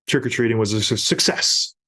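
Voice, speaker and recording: Middle-aged male podcast host, casual and animated storyteller, mid-pitched voice. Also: normal speed.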